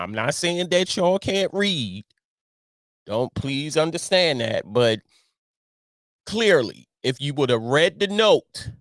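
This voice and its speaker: A middle-aged man hosting a casual commentary show, talking in an animated way, repeating himself and firing off rhetorical questions. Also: medium pitch, no echo, studio quality. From Baltimore. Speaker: online show host.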